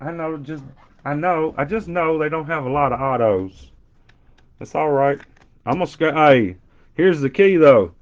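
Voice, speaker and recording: A middle-aged card breaker, his voice a little high and his pace measured, chats live with viewers as he opens a box of trading cards. He's joking and animated, with a Southern twang and loud impressions, heard through dull lo-fi stream audio.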